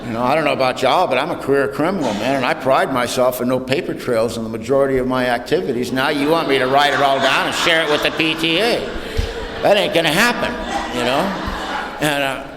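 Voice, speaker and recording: Man at a meeting, loose colloquial storyteller, mid-pitched voice, roomy reverb. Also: fast, hardly any pauses, noisy background. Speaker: recovery meeting speaker. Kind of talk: humorous recovery talk to an audience. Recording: roomy hall with long echo.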